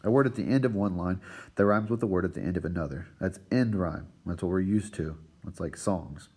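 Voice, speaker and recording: A man with a low, slightly husky voice walks his students through a recorded lesson. He lectures steadily and keeps tagging his points with "right?" and "all right." The tone is that of a teacher explaining material step by step. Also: fairly quick, a little mellow. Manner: checks in with a constant "right?" and "all right".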